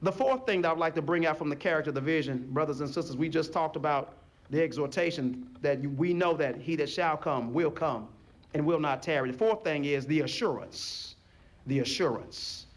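A man preaching a sermon in an animated, folksy call-and-response style. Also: a little high, a little fast. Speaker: pastor.

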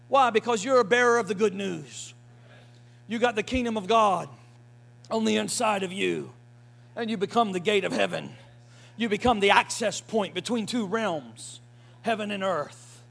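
A man preaching a sermon with emphatic call-and-response, folksy phrasing, and shouted hallelujahs. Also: extremely high pitch, normal speed, vocal fry, pauses often. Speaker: pastor.

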